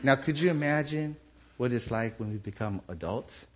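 Husky-voiced pastor preaching with animated lilt. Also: male voice, medium pitch, moderate pace. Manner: animated, conversational, acts out quoted voices. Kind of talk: sermon.

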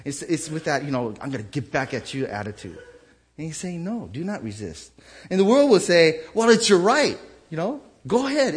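A man preaching a sermon in a conversational, animated way, acting out the voices he quotes. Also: fairly high pitch, husky. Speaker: pastor.

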